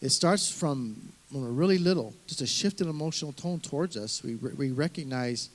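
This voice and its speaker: Middle-aged male pastor, mid-pitched and earnest, conversational sermon delivery with frequent restarts. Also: animated, a little fast, few pauses.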